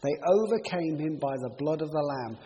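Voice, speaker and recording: Animated preacher man in a reverberant hall. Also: normal speed. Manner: animated storytelling, shifting pitch and volume for emphasis. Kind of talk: sermon. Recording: reverberant hall with faint noise.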